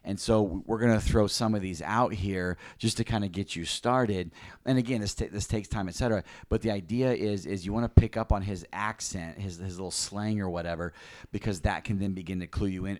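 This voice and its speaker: Man, forties, deep voice, dry close mic; casual church-teacher delivery, animated, lots of restarts. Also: brisk, no room sound. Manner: animated storyteller with many restarts.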